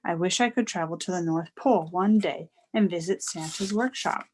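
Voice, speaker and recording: A woman voicing an excited young boy who pleads and bounces through his lines in a read-aloud storybook. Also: lowish voice, normal speed, a little hiss or hum, natural voice.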